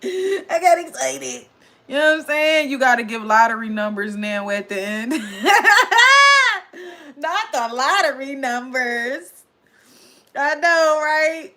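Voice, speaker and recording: Bright, excitable woman streaming live. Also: high voice, slow. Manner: animated, loud, reading chat aloud. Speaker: livestream recap host. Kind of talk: casual livestream chat.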